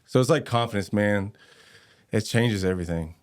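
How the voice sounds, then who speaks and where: Male actor guest, very low voice, slangy and laid-back, animated storyteller. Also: normal speed. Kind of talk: casual interview storytelling.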